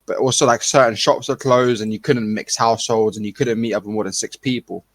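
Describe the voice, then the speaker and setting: A man's voice: fairly low pitch, steady tone, fairly quick. A man from the United Kingdom, chatting casually on a podcast and explaining things in slang.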